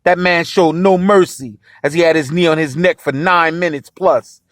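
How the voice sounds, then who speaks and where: A man's voice: on the high side, steady tone, moderate pace, hardly any pauses, fairly bright tone, no echo, studio quality. A man hosting a podcast in impassioned solo commentary, outraged and emphatic, repeating phrases for force. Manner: outraged, voice rising and pressing. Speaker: podcast host.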